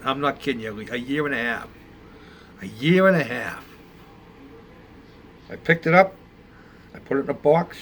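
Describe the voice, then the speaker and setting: A man's voice: mid-range voice, a little hiss or hum. An older man telling a casual, rambling story about building model ships, with plenty of fillers. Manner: rambling, conversational, with many fillers.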